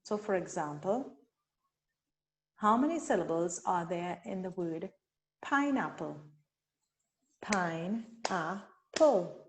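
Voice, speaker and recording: A woman from Trinidad and Tobago leading a teacher-training webinar, speaking deliberately and sounding out syllables slowly. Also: fairly low pitch, big pitch swings, slight background noise. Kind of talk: instructional webinar talk.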